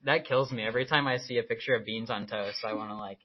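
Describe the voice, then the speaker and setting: A man's voice: medium pitch, fairly even intonation, fast talker. A young man co-hosting a podcast in casual chat, joking in a dry, teasing way. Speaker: podcast co-host. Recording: dull lo-fi sound.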